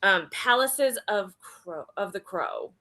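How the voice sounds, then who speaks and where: A woman's voice: mid-range voice, expressive, takes it slowly, pushed and bright. A woman in her forties from Texas, chatting wryly on a livestream. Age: 40s. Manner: wry, self-deprecating. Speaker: guest co-host. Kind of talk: casual livestream chat.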